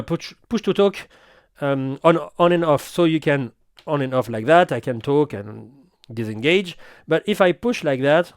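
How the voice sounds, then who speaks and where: A man reviewing gear in slightly halting English, often restarting his sentences. His voice is smooth and sits a little on the high side, and the recording is close and dry. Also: no room sound. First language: French. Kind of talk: product demo walkthrough.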